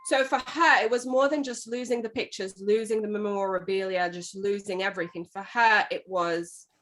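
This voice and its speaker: Retelling a book at length on a casual podcast she co-hosts, a woman chats conversationally and keeps sprinkling in "you know." She speaks at medium pitch with fairly even intonation, a moderate pace, and a fairly bright tone.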